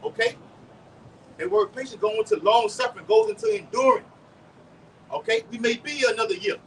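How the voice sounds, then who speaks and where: A man preaching live outdoors and leading the teaching, with a lively, repetitive delivery, calling on others to read verses. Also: sits high, a little fast. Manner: animated, repeats words, calls for scriptures. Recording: distant mic with faint street noise.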